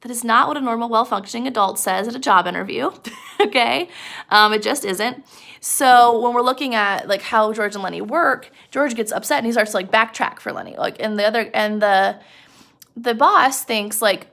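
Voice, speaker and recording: A young woman explaining a novel in a loose, conversational way, often speaking straight to the listener. Her voice carries a noticeable gravelly fry. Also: on the high side, normal speed, fairly bright tone. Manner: chatty, uses many fillers, addresses listener directly. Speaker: teacher. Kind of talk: casual literature lesson.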